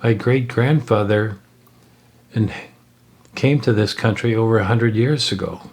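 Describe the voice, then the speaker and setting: Slow, low-voiced man telling a story. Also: darkish tone, husky. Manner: halting, with frequent fillers and restarts. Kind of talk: unscripted spoken storytelling.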